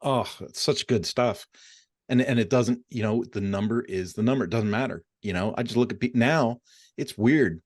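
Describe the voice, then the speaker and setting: A middle-aged man hosting a podcast, telling stories in a casual, animated way with plenty of fillers. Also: medium pitch, normal speed, no echo, studio quality. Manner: animated storyteller with many fillers. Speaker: podcast host. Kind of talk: casual interview chat.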